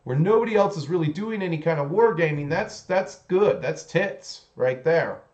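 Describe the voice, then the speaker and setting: Rambling guy, higher voice. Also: expressive, moderate pace, a little mellow, muffled recording. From United States. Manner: rambling, blunt, many restarts. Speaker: hobby channel host. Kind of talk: casual livestream chat.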